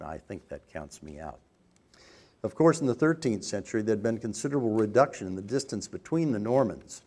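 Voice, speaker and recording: Older American man, low voice, speaking to an audience, anecdotal and wry. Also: darkish tone. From United States. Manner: wry, anecdotal, with asides and self-corrections. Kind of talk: speech to an audience.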